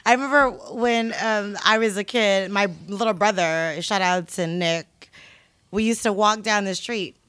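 A woman with a bright, forward voice and a fairly low pitch, talking in loose, slangy casual chat. The sound is dry and close. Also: clear, resonant tone, dry recording. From San Francisco. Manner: loose, slangy, drawn-out storytelling. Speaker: podcast co-host.

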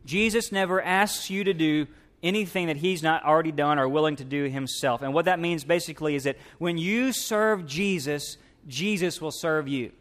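A male pastor delivering a sermon with a notably high-pitched voice. He preaches with passion, climbing louder and higher in his exhortations, then softens into a hushed, lower tone as he closes in prayer. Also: moderate pace.

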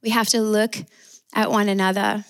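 A woman's voice: medium pitch, flat delivery, moderate pace. A woman with an Australian accent preaching a sermon, emphatic, calling out for amens. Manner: warm, emphatic preaching with call-and-response amens.

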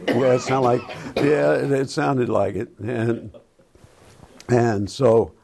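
An older man hosting a Christian talk show, earnest and preachy, talking in halting phrases with many restarts. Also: medium pitch, little pitch movement, gravelly, background noise. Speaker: Christian radio host. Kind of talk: casual talk about current events.

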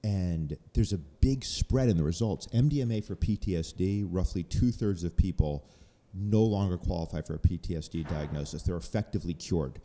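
A man's voice: low voice, normal speed, hardly any pauses, dark tone, in a large hall. A man in a casual podcast chat, analytical, explaining research findings at length.

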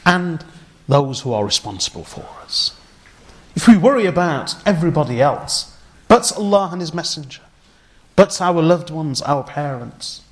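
An earnest man preaching, his voice sitting at an ordinary pitch. He tells the story slowly and with feeling, slipping Arabic phrases in among his words and falling to a hush when the story turns moving. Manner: earnest storytelling, dropping to a hushed tone for moving moments; uses Arabic religious phrases. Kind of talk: sermon.

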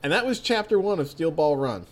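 A man's voice: a little high, big pitch swings, a little fast. A man co-hosting a casual comic read-along who jokes crudely and laughs a lot. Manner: joking, crude, laughs often. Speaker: co-host reading a comic aloud.

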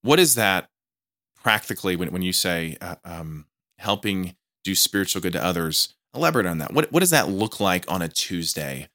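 A man's voice: deep voice, expressive, moderate pace, bright, forceful tone, no room sound. A man hosting a podcast in a small studio, interviewing a guest in casual chat, eager and often restarting his words. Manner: enthusiastic, repetitive restarts, stammering on words. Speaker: podcast host.

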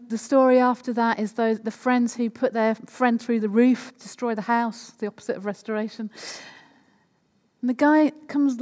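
A woman's voice: fairly high pitch, darkish tone. Woman preaching in a reverberant hall. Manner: conversational, asks the listeners questions. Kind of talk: sermon.

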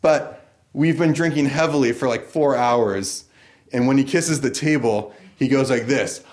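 A man's voice: medium pitch, measured pace, darkish tone. An American man telling a personal story in a casual, loose way, often breaking into laughter. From United States. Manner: casual, laughs through the funny parts. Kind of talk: personal story told live.

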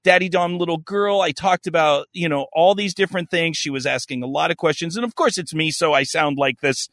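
A man's voice: on the high side, brisk, dry recording, clean studio sound. A man hosting a podcast, telling a story in casual comedic chat, swearing freely and acting out the other people in it. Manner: animated, profane, acts out quotes. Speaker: podcast host.

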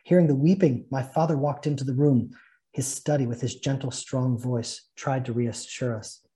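A man's voice: mid-range voice, fairly even intonation, moderate pace, dark tone. A man teaching a spiritual fellowship session, telling and reading a story earnestly and with feeling. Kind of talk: spiritual talk and read-aloud story.

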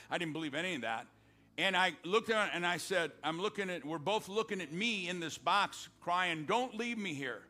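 An older male pastor preaching a sermon, swinging between loud exhortation and hushed storytelling. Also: high-pitched.

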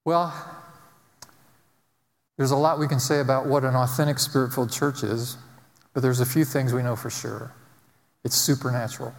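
A man's voice: medium pitch, steady tone, moderate pace, gravelly, pauses often. A man preaching a sermon as pastor, emphatic and repetitive, driving points home with repeated phrases. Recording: long reverb of a large hall.

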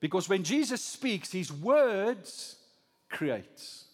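A pastor preaching a sermon, swinging from loud rising emphasis to low, soft lines. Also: male voice, sing-song, drawn-out words, big-room sound.

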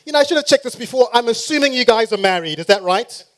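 A man preaching a sermon who talks straight to the congregation and swings from quiet to loud and emphatic. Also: extremely high pitch, expressive, quick pace.

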